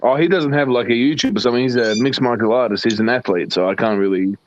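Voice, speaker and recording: A man's voice: medium pitch, quick pace, muffled recording. Teasing Australian man on voice chat. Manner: joking, teasing, says "mate" a lot. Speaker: stream chat participant. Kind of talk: casual chat.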